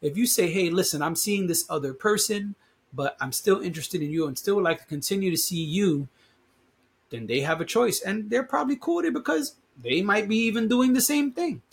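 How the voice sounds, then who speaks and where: Male podcast host, husky and congested from allergies, casual and emphatic, reads articles aloud with commentary. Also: sits high, expressive, brisk. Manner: conversational and emphatic, reads news aloud with asides.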